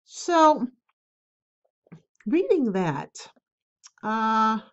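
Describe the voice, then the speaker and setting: A woman's voice: on the high side, big pitch swings, drawn-out words, highs cut off. A woman hosting her own spiritual advice podcast, talking candidly and rambling with fillers, with a cough drop in her mouth. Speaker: podcast host. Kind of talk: casual solo podcast talk.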